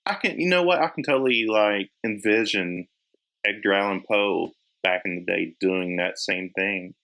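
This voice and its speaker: A man talking as a podcast guest in a relaxed, easygoing way. His voice sits somewhat low, and he laughs easily between thoughts. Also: normal speed, gravelly, low-quality recording. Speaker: guest, editor and publisher. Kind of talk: casual chat.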